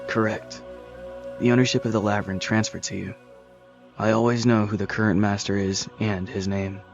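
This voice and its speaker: A man's voice: lowish voice, little pitch movement, normal speed, creaky, dull audio, over music. A man reading the lines of a starved, bull-headed male monster who serves his new master, in a solemn and servile way. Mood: grave. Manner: solemn, servile, plainly spoken.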